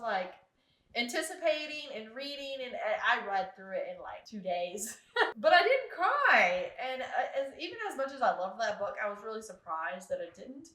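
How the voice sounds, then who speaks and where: A woman's voice: on the high side, a bit bright, reverberant, low-quality recording. A young woman chatting casually to camera about books, rambling with fillers and frequent laughs. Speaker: book vlogger.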